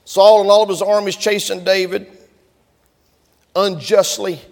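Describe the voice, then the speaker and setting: A man preaching a sermon, telling stories in a folksy way and building up to shouting. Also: high voice, level tone, a little slow, gravelly, big-room sound.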